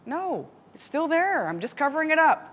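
Animated woman teaching a Bible study. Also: high-pitched, normal speed. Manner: animated storytelling with laughs. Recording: long hall reverb.

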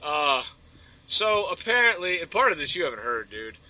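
A man's voice: fairly high pitch, big pitch swings, moderate pace, pushed and bright, poor audio. A man telling a story as a podcast guest, ranting and rambling with plenty of swearing. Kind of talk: casual chat, storytelling.

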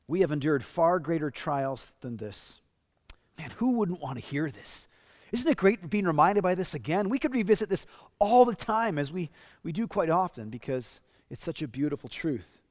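Earnest male preacher, fairly high voice. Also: animated, moderate pace, darkish tone, in a large hall. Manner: earnest, emphatic preaching with paraphrased quotes. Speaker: pastor. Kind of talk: sermon.

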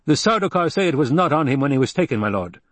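A man doing a dutiful male guard captain in an audiobook, reporting quickly and a little higher than the narration. His voice has a husky, dry edge. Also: sing-song, fairly bright tone, no room sound.

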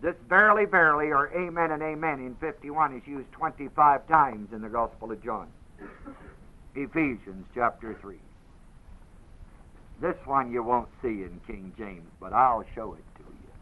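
A man preaching a sermon, moving from quiet explanation to loud, dramatic quoting of scripture. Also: medium pitch, normal speed, slight background noise. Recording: dull lo-fi audio.

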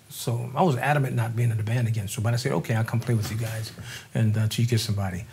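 An older man from New Orleans, a drummer and interview guest, telling stories in a relaxed, animated way, acting out the voices of people he quotes. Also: mid-range voice, quick pace. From New Orleans, Louisiana. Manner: animated storyteller, acts out quoted voices, laughs often. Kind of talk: casual interview storytelling.

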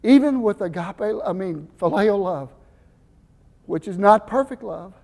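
Questioning his congregation and then answering for them, an older pastor delivers a sermon in a high, expressive voice with vocal fry and a measured pace. He alternates between forceful stresses and hushed, intimate asides as his words echo through a church hall with long reverb.

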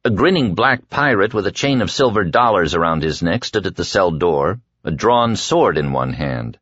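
A very deep male voice reading an audiobook in measured scripted narration, with lively rises and falls. The recording is dry and a bit dull, with no room sound. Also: husky, no echo. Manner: measured storytelling, quietly voicing dialogue.

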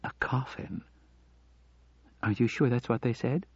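A level-headed wife who argues with cool, pointed firmness, as a male narrator puts her on. The husky voice is lifted in pitch. It comes over a dry, dull recording. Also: fairly quick, no room sound, close to an everyday voice. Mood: firm. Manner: calm, pointed, firm. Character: calm, sharp-tongued middle-aged wife.

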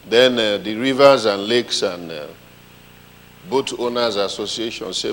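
A man preaching a sermon, telling a story with lively comic voices. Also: on the low side, measured pace, big-room sound, a little hiss or hum, poor audio.

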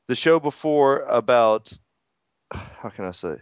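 A man's voice: mid-range voice, lively intonation, measured pace, clear, resonant tone, no echo. A man co-hosting a podcast, a pro wrestler who tells stories in a profane, joking way. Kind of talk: casual chat. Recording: dull lo-fi sound.

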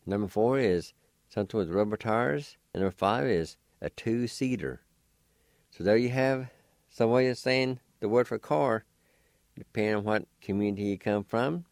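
A man hosting a language lesson, slowly spelling out letters and sounding out syllables for listeners. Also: lowish voice, darkish tone, no echo, studio quality. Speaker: language teacher and show host.

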